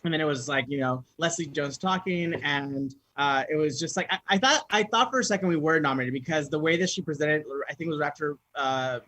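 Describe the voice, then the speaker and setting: Young man, guest, animated storyteller, fairly high voice, dry close sound. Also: brisk, hardly any pauses, no room sound. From Southern California. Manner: animated storyteller, jumps into high-pitched quoted reactions. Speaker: guest actor. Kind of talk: casual chat.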